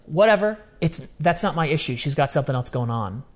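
A man in his thirties, a guest telling a personal story in casual chat, animated and full of slang. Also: fairly high pitch, a little fast. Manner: animated, casual slang, acts out quoted voices.

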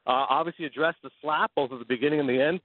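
A Canadian man on a sports radio show, telling animated stories in quick casual chat over a phone line. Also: on the high side. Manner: animated, fast storytelling with laughs.

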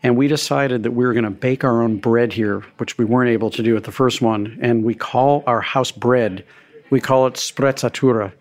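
A middle-aged man talks in an easy, anecdotal way, a restaurateur recalling his early days with a touch of self-deprecating humor. His pitch sits in an ordinary middle register, unhurried and conversational. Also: fairly even intonation. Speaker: restaurateur guest. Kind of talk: conversational storytelling interview.

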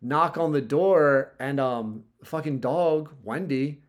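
A man's voice: a little high, slow pace. A man in casual chat, telling a story in a laid-back way, swearing often and leaning on "like" and "dude".

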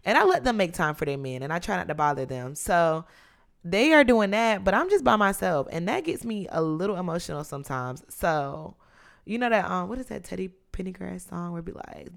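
A woman in her mid-twenties hosting her own podcast, chatting candidly with drawn-out emphasis. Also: on the low side, animated, creaky. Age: 20s. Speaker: podcast host. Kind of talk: casual solo podcast chat.

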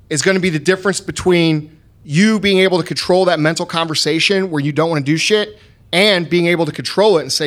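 A man hosting a motivational podcast who talks bluntly and swears freely. His voice sits a little high for a man. He hammers each point home with force. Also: a little fast, a bit bright. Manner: blunt, profane, emphatic. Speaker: podcast host.

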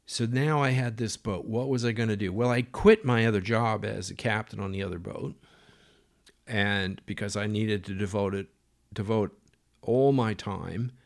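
A man's voice: lowish voice, gravelly. A middle-aged man telling a story in a rambling, conversational way, full of fillers and acted-out quotes. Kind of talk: casual spoken storytelling.

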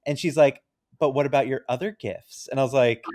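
This podcast co-host tells a story in casual conversation, acting out both sides of an exchange. His medium-pitched voice is brisk with a darkish tone, captured in clean studio sound without echo.

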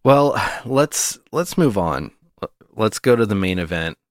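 A man co-hosting a satirical comedy podcast, talking in a mock-serious, deadpan way and often breaking into laughs. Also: fairly low pitch, unhurried. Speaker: podcast co-host.

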